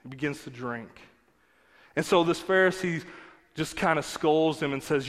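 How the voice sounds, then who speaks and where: A man's voice: fairly high pitch, normal speed, a bit bright. A man preaching a sermon as pastor, in an earnest, conversational way with emphatic repetition. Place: church sanctuary. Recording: long hall reverb with faint music.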